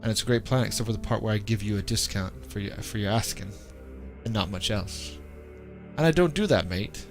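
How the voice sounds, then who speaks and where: A man's voice: on the low side, over music, natural voice. A man playing a blunt, scarred desert merchant. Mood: dismissive. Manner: blunt, slangy, slow drawl. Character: corpulent scarred middle-aged male desert merchant.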